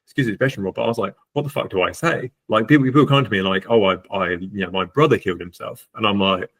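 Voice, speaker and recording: A man's voice: on the low side, rapid-fire, fairly bright tone. A man, a guest on a podcast, telling his own story candidly, with lots of fillers and restarts. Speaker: podcast guest, estate agent.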